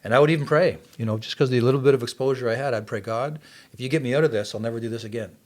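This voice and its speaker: A man's voice: mid-range voice, racing, a little mellow. A man in his sixties from Canada, earnestly telling his life story as a podcast guest. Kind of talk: testimony in casual interview.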